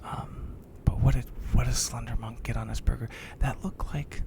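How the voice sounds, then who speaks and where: A man hosting a whispered ASMR live chat, talking softly with his viewers. He is a bit congested. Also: medium pitch, steady tone, normal speed, gravelly, background noise. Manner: soft whispering, chatting with viewers. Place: lying down.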